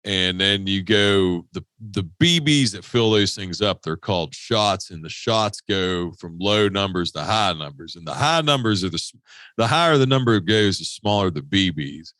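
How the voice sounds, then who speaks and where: A man from West Virginia tells a story on a podcast, swearing constantly and restarting his sentences as he goes. His voice is lively, swinging up and down in pitch, with a bright edge. The sound is dry, with no room echo. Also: moderate pace. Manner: rambling, profane, frequent restarts. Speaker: podcast co-host. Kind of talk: casual storytelling. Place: podcast studio.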